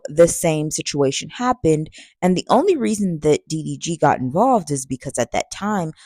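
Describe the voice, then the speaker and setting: Woman, podcast host, lowish voice, chatty recap, dry close sound. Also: darkish tone, dry recording. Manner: chatty, addresses listeners directly. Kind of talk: commentary recap.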